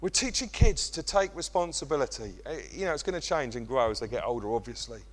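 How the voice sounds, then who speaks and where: A middle-aged man preaching a sermon, animated and self-mocking. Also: medium pitch, fast. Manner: animated, self-mocking, acts out kids' voices. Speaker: pastor.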